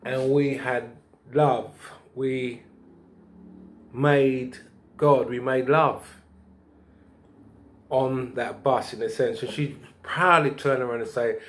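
A man vlogging, telling a rambling spiritual story in a preachy, lively way with bursts of laughter. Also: mid-range voice, takes it slowly, pauses often.

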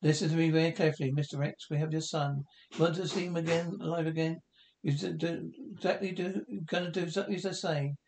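A man's voice: on the high side, steady tone, quick pace, darkish tone, roomy sound, a little hiss or hum, close to an everyday voice. An actor playing a bumbling male kidnapper making a ransom call in a film. He sounds menacing but keeps stumbling over his words. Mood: threatening. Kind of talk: film dialogue.

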